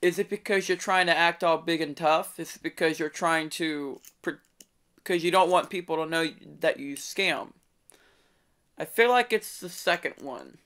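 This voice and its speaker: A woman's voice: low voice, normal speed, a bit bright. A woman making a mocking prank call. She stutters and taunts the person she is talking to. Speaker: prank caller. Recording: noisy background hiss.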